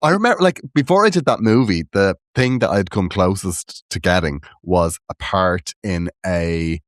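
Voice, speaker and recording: This comedy podcast co-host has a low-pitched man's voice with lively intonation and a normal speed. The studio sound is clean with no room sound, and he chats animatedly in a casual way, laughing and joking a lot.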